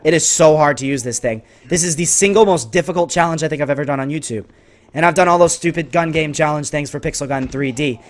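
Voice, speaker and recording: A young man giving excitable, frustrated commentary over his own gameplay, yelling and trash-talking opponents. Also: fairly high pitch. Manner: sarcastic trash talk. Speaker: gaming YouTuber.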